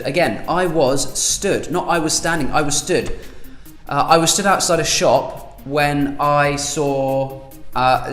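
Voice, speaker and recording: A man with a British accent giving an online pronunciation lesson, repeating example phrases slowly for emphasis. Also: a little high, a bit bright, echoey room. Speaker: language teacher.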